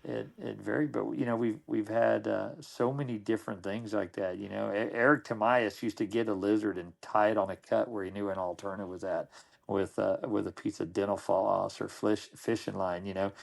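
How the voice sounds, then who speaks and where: This middle-aged podcast guest speaks on the low side with vocal fry, a steady tone and a normal speed. Casually sharing old anecdotes, he rambles, often restarting sentences and repeating words.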